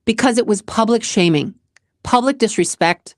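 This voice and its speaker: A woman's voice: on the high side, moderate pace, dry recording, clean studio sound. A middle-aged woman hosting a self-help channel, telling a personal story in a candid, emotional way, often repeating herself and talking straight to her viewers.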